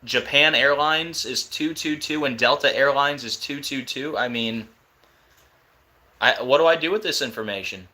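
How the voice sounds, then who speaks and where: A young man hosting a live stream, talking casually and excitedly in disbelief. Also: mid-range voice, normal speed.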